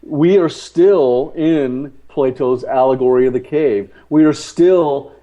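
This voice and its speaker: A man discussing politics as a talk show guest, halting and repeating words, then pressing his points hard. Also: medium pitch, mellow, lo-fi sound. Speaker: guest commentator.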